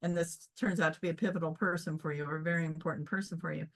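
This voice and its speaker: A woman's voice: low-pitched, fairly even intonation, racing. A woman chatting casually as co-host, earnest and reflective as she shares a story. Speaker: QHHT practitioner, co-host.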